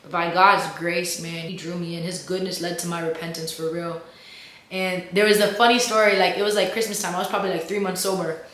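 A woman's voice: lowish voice, flat delivery, fairly quick, a bit bright. A young woman, a college student, casually telling a faith testimony in a chatty, slangy way, full of "like" and "bro". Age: young adult. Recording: very echoey room with faint hum.

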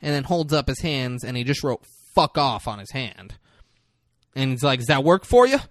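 A man's voice: medium pitch, normal speed, no echo, studio quality. Casual man retelling a movie. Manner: animated, profane retelling with voices for characters. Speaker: podcast co-host recapping a movie. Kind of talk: casual chat.

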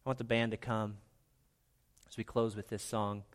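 A middle-aged man preaching a sermon as pastor, earnest, often dropping to a soft, hushed delivery for emphasis. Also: fairly low pitch, little pitch movement, normal speed, clear, resonant tone.

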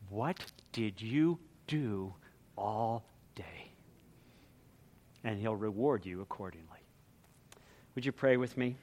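A male preacher delivering a sermon with a high voice that leaps all over its range. He swings from loud, dramatic emphasis to hushed, quiet lines. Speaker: pastor.

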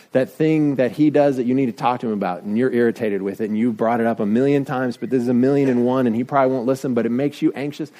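A middle-aged man preaching a sermon in a conversational, self-deprecating way. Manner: conversational, self-deprecating, lively shifts of pitch. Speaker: pastor.

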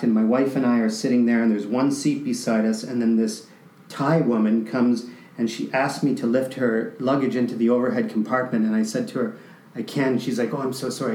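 A man from Canada recounts a deeply personal story, his voice halting and full of restarts as emotion comes through. His pitch sits in the middle range. The recording has a noticeably echoey room sound. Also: a little mellow.

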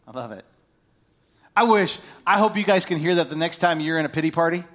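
A man preaching a sermon, animated and playful as he talks to the congregation. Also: on the high side, fairly quick. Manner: animated, jumps into playful voices.

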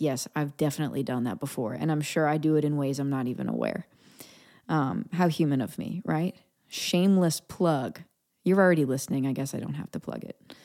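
A woman in her thirties talks through a casual solo podcast episode in a low voice. She is playful and quick to laugh, and sometimes lowers to a whisper for an aside. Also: a little mellow. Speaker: podcast host.

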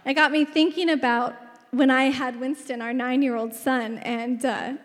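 A woman's voice: high-pitched, steady tone, moderate pace. A woman in her thirties preaching a sermon, chatty and storytelling, often laughing as she talks. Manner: chatty storytelling, laughs often, drops to a whisper in tender moments. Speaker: pastor. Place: large church hall. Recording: long hall reverb.

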